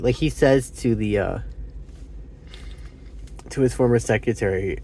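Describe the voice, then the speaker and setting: A man's voice: medium pitch, a little slow, pauses often, dark tone, slight background noise. A man giving a casual, rambling movie review, meandering with fillers and self-corrections, sounding sleepy. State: sleepy, yawning.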